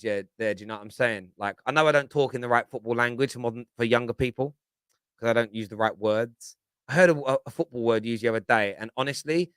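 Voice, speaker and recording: A man's voice: medium pitch, fairly bright tone, clean tone, no echo. A man talking football in a casual, opinionated and rambling way, often restarting and asking "you know what I mean". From Britain. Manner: rambling, repeats words, lots of 'do you know what I mean'. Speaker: football pundit on a fan show.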